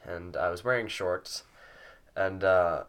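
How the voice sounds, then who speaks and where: A young man with a deep, low voice tells a rambling story straight to camera at home. He swears often and fills his sentences with ums and likes as he goes. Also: slow pace, a bit bright. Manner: rambling, swears a lot, many fillers. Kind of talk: casual storytelling vlog. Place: at home with a cat nearby.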